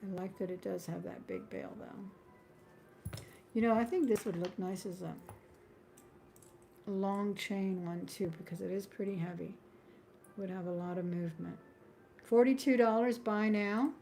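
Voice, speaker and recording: A woman's voice: mid-range voice, steady tone, a little slow, creaky, long pauses, warm tone, a little hiss or hum. A woman hosting a live-stream jewelry sale, calling out buy-now prices in a chatty, friendly way and drifting into small talk with frequent laughs. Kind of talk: live-stream sales patter.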